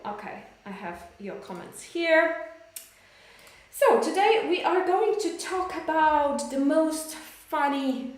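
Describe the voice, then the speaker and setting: A woman's voice: high voice, heavy reverb. A woman with a Polish accent teaching a live online English lesson, chatting with viewers and reading out their comments. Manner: chatty, addresses viewers warmly, reads out comments.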